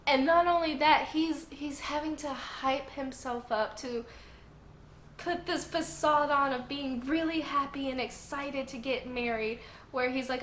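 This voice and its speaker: A woman's voice: high-pitched, steady tone, a little slow, fairly bright tone, slight background noise. A woman recapping episodes in a casual vlog, an emotional, gushing fan who uses a lot of filler words. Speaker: anime review vlogger. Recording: echoey room.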